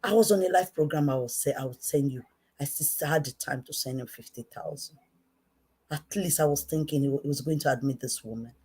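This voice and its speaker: An online commentator with a Nigerian accent and a low, weighty, slightly rough voice rants passionately to camera at a fairly quick pace. She repeats each point twice for emphasis, sinking into a quiet, pointed tone before erupting into shouts.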